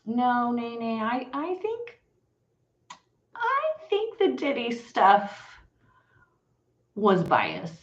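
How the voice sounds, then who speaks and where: In a lowish, slightly bright voice, a woman from Texas hosts a livestream, swearing and speaking bluntly and heatedly to her viewers, whom she calls y'all. The room echoes and the sound is a bit dull.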